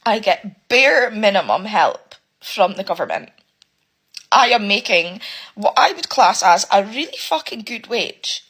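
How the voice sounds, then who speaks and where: Brief: woman, upset and swearing, husky tone, pitch swinging widely. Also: sing-song, a bit bright. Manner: emotional, swearing, halting restarts. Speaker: single parent venting about living costs. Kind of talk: emotional to-camera rant.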